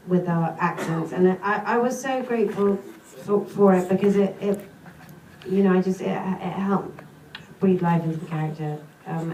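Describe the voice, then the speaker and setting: A woman's voice: fairly low pitch, darkish tone. British woman, chatty, in an echoey theater. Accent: British English. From Britain. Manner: chatty, self-deprecating, breaks into laughter. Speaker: actress and panel guest. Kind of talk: post-screening Q&A answers. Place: cinema theater, audience present. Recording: echoey theater, far from mic, faint hiss.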